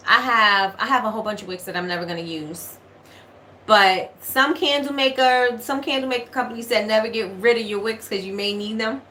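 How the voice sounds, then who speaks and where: A woman with a New York accent hosts a relaxed livestream Q&A, her voice bright and forward. She talks in a loose, chatty way, repeats phrases, and reads viewer comments aloud between tips. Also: on the high side, a little fast, reverberant, slight background noise. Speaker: livestream host, candle maker. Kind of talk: casual livestream Q&A. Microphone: webcam or phone livestream.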